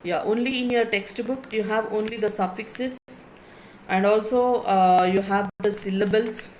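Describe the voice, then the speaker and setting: A woman with a Telugu accent teaching a college English class, speaking slowly, drawing out words and repeating them often. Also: medium pitch, fairly even intonation, darkish tone, slight background noise, rough recording. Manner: slow, repetitive, drawn-out words. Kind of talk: classroom lecture.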